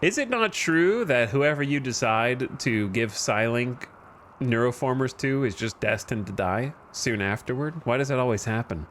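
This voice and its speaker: A man's voice: medium pitch, expressive, normal speed, a bit bright, slight background noise. A man streaming a game, giving casual commentary in a wry, rambling, self-deprecating way.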